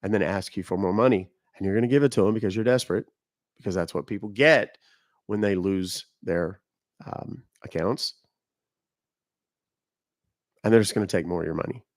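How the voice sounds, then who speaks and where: A man's voice: sits low, brisk, dry recording, studio quality. A man hosting a live stream, talking casually to viewers and giving blunt, emphatic warnings. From United States. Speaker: livestream host. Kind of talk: casual livestream talk to viewers.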